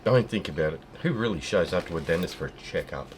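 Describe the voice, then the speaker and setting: A man's voice: low voice, lively intonation, fast, slight background noise. A man, hosting a fluid art video and trading jokes and teasing banter with a friend while painting. He is hot and tired, and laughs often. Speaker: fluid art channel host.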